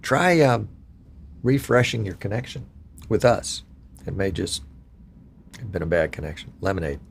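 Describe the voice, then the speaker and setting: An older man from Virginia hosts a relaxed live stream, greeting viewers and chatting in a homespun, self-deprecating way. His voice sits on the low side. A faint hum of noise runs beneath it. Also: moderate pace, gravelly.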